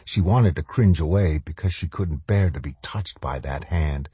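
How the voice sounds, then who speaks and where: A man reads a horror novel in a slow, measured, grave voice. His tone is deep and dark with a husky grain. It is recorded close on the mic in a dry, quiet space. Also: no room sound. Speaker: audiobook narrator. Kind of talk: scripted horror narration.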